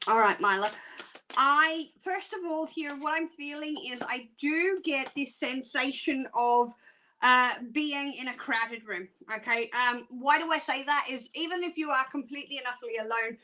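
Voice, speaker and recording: A woman psychic doing live card readings, chatty and excitable, laughing often. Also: sits high, normal speed. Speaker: psychic reader.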